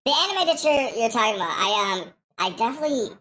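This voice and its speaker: A young woman co-hosts a casual podcast with a notably high, light voice. She rants animatedly, swears freely and keeps the energy up. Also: fast. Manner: animated ranting with lots of swearing. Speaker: podcast co-host. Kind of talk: casual chat.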